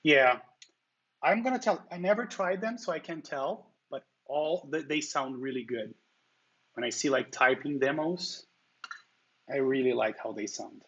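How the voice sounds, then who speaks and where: A man's voice: mid-range voice, a little slow, a bit bright, dull audio. A man from Brazil with a heavy Brazilian Portuguese accent, hosting a livestream and chatting casually, answering viewers' comments. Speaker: livestream host.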